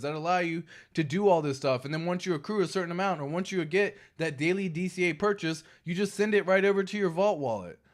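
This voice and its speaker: A fired-up man hosting a crypto livestream with a fairly high voice. He swears freely and hammers his points home by repeating them. Between warnings he drifts into loose, chatty asides to the chat. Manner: emphatic and animated, swears freely; cautionary, repeats points for stress. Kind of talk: casual livestream talk, reading chat.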